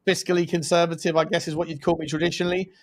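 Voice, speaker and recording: A man's voice: on the high side, little pitch movement, very fast. A young man co-hosting a live football watch-along, chatting casually and often laughing. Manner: chatty, lots of fillers and restarts, laughs often. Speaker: co-host.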